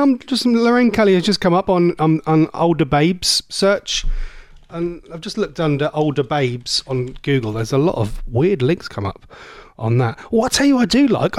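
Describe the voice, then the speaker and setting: A man's voice: fairly high pitch, no room sound, studio quality. A man, hosting a radio show in a jokey, chatty way and slipping into silly impressions. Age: 40s. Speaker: radio presenter. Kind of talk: casual radio chat.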